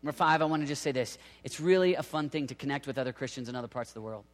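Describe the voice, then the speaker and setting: A man's voice: medium pitch, very fast. A man preaching with energy, acting out the voices of people he quotes. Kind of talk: sermon. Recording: reverberant hall.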